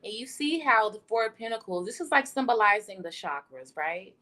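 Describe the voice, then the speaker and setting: A woman's voice: medium pitch, big pitch swings, brisk, bright, forceful tone. A young woman giving a casual tarot reading on a livestream, blunt and profane as she talks. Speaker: tarot reader. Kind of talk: casual spiritual livestream talk.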